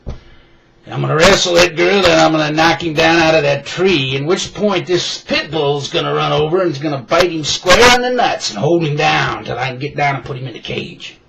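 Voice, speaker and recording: A man's voice: fairly high pitch, brisk, gravelly, noisy background. A man voicing a big, blunt exotic-animal catcher who lays out his plan matter-of-factly.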